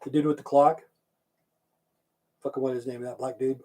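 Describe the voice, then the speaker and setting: A man's voice: mid-range voice, flat delivery, brisk, warm tone. A man from Idaho hosting a live stream, chatting casually, swearing often and answering viewers' chat messages aloud. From Idaho, USA.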